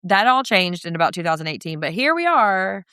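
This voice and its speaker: A woman in her thirties co-hosting a podcast, recapping reality TV in a casual, profane and sarcastic way, quoting people with lively put-on voices. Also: medium pitch, brisk, clear, resonant tone, no room sound, studio quality. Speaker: podcast co-host.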